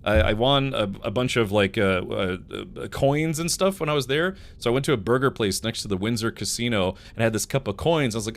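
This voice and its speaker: A man's voice: medium pitch, lively intonation, a little fast, hardly any pauses. A man streaming a game live, chatting casually with his chat and telling rambling stories with frequent laughs. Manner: rambling storyteller, laughs often, talks to chat.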